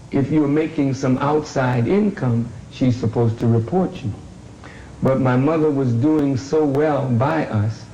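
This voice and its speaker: An older man tells a family story slowly and deliberately, pausing often. His voice is dark and mellow. The recording sounds dull and roomy. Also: medium pitch, a little hiss or hum. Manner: deliberate, with long pauses and fillers. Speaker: grandfather telling a family story. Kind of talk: slow storytelling.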